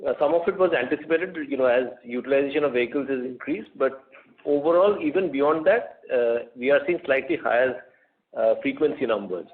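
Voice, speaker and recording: A man's voice: mid-range voice, a little fast. A man, a company executive answering analyst questions unscripted, thoughtful and full of fillers. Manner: thoughtful, hesitant, many fillers. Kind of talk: unscripted answers on an earnings call. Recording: tinny phone line.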